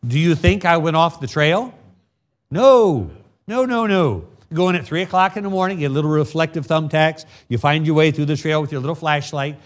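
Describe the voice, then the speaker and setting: A middle-aged man preaching a sermon as a pastor, reading scripture slowly and then telling folksy personal stories. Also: a little high, steady tone.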